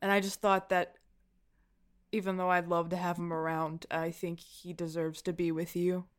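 A woman playing her character in a tabletop game, speaking earnestly and haltingly. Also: lowish voice, little pitch movement. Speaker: player. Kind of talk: in-character tabletop role-play.

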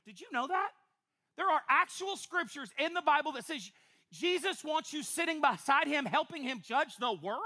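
A woman preacher, high-pitched and very bright, her voice leaping up and down as she delivers a lively sermon. She teases the congregation with quick asides between points. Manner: animated, playful preaching with quick asides and laughter. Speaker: pastor. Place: church before a congregation.

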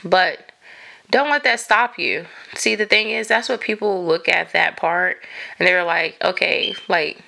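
A woman's voice: lowish voice, measured pace, vocal fry, bright, forceful tone. A woman in her thirties hosting a podcast, talking casually and encouragingly with lots of filler words. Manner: chatty, many "like" fillers, encouraging. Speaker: podcast host. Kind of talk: casual motivational monologue.

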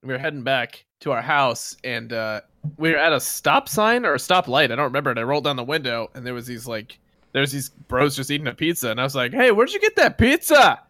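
A man's voice: medium pitch, brisk, bright, forceful tone, no echo, studio quality. A young man co-hosting a podcast, trading teasing comebacks and telling a story in casual chat. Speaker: podcast co-host.

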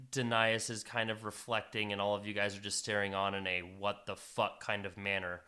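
Man, game master narration, bright, dramatic, casual fillers. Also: on the low side, level tone, clear, resonant tone. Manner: dramatic, with fillers and slow emphatic phrases.

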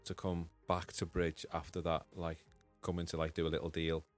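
A man's voice: low-pitched, monotone, normal speed, soft background music. A man hosting a podcast, asking his guest questions in a hesitant way and rephrasing as he goes. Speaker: podcast host. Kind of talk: interview questions.

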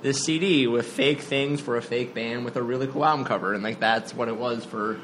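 Give me a fast-talking young man. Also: medium pitch, fairly bright tone, slight background noise. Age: young adult. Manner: rambling storyteller, laughs a lot. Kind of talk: casual podcast chat.

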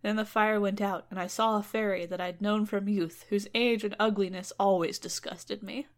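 A woman's voice: medium pitch, fairly even intonation, normal speed. A woman narrating a fairy tale in a loose, joking way, often laughing at her own asides. Her voice sits in a middling range. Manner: casual, giggly, self-mocking. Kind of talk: comedic story retelling.

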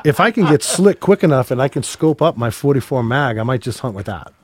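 A man's voice: medium pitch, expressive, a little fast, a little mellow, slightly rough, dry recording. A man, chatting casually as a podcast guest, laid-back and enthusiastic, swearing freely. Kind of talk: casual chat.

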